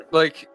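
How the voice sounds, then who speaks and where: Bright-voiced laughing Scottish man. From Scotland. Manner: loose, laughing, joking. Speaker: podcast panelist. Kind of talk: casual group chat.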